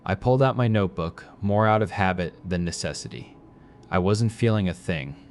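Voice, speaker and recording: A man reads a horror story in a very deep voice. His delivery is measured and grim, with a faint hiss of noise behind him. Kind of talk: scripted horror narration.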